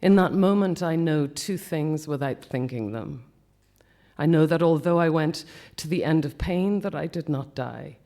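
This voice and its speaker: A man reading a personal account aloud at a festival talk, quiet and measured, often dropping to a hush. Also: a little high. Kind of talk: reading a memoir piece aloud.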